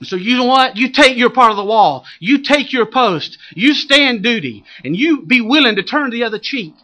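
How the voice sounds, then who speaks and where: High, bright-voiced preaching man. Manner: impassioned, exhorting, repeating phrases for emphasis. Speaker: pastor. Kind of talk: sermon.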